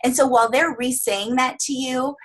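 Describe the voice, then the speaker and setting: A fairly high-pitched woman leads a coaching workshop. She sounds upbeat and encouraging, and she slips into quick voices of clients as she teaches. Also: steady tone, breathy edge. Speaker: coaching trainer. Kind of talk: training talk to coaches.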